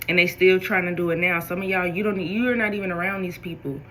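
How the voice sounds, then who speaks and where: Woman doing a tarot reading for her viewers, bright forceful voice, lively and talking right at you. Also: lowish voice, quick pace, slight background noise, rough recording. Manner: animated, talks straight to viewers. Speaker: tarot reader.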